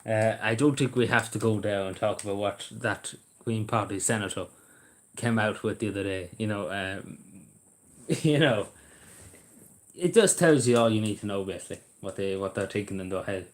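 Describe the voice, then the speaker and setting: Irish man, livestream host, casual chat, blunt, rambling, swearing, low-pitched, camera mic indoors. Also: normal speed. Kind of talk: casual chat to a live audience.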